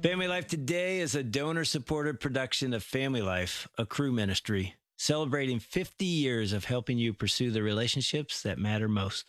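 A man hosts a radio show and reads promotions and credits in an upbeat tone. His voice sounds dry and close, and soft music plays underneath. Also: mid-range voice, a little fast, few pauses, no echo. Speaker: radio host. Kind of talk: program announcements.

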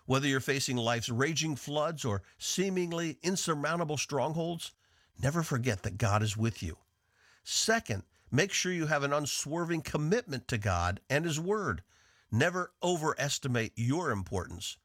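A man from the northeastern United States teaching a devotional on the radio in an earnest, measured way. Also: on the high side, expressive, a bit bright, dry recording, clean studio sound. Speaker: radio Bible teacher and host.

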